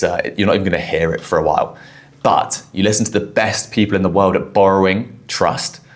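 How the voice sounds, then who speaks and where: A man with a southwest English accent and quick, explanatory delivery, commenting as host on a recorded podcast clip. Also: deep voice. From southwest England. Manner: quick-talking, explanatory, with restarts.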